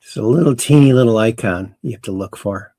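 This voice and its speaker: Guy rambling on his livestream, reads chat out loud, gravelly voice, dry close sound. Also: mid-range voice, a little fast, dry recording. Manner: chatty, rambling, reads viewer messages aloud. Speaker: host.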